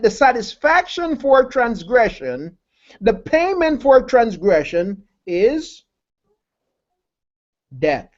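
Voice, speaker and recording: A man delivering a sermon at an unhurried, deliberate pace, with a mellow, dark tone. He repeats key phrases and asks his listeners rhetorical questions. The recording sounds dull and lo-fi. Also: very high-pitched. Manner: addresses listeners as family. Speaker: preacher.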